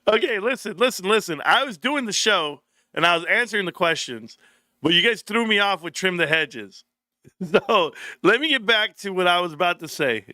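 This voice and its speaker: A man's voice: high voice, lively intonation, moderate pace, pushed and bright, no echo, studio quality. A man hosting a casual livestream, reading comments and telling loose, profane stories with frequent laughter. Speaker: livestream host.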